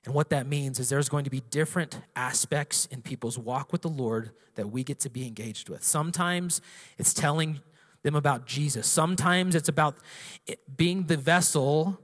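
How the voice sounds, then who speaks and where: Brief: male pastor, fairly high-pitched voice, passionate sermon delivery, long church reverb. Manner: passionate preaching building to loud declarations. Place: church sanctuary.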